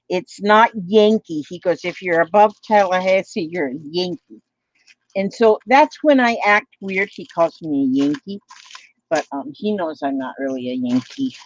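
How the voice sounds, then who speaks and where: Slow, chatty Midwestern woman crafting. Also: lowish voice. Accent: Midwestern American. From Minnesota, US Midwest. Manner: rambling, playful, chatty. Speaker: craft vlogger. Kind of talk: casual chat while crafting, reading viewer comments. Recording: dull lo-fi home recording.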